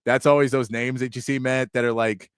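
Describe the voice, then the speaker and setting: A male sports radio host who chats in a rambling, easygoing way, often breaking into laughter. His voice sits at a middle pitch and sounds dry and close to the mic, with little room sound. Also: little pitch movement, brisk, smooth, no echo. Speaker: sports talk show host. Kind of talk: casual sports talk.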